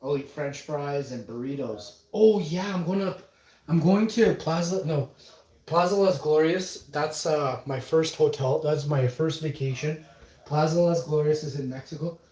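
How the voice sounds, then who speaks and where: On his livestream, a man spins loose, anecdotal stories at length, swearing and letting sentences trail off. He speaks unhurriedly in a voice on the high side and a little mellow, amid a roomy echo.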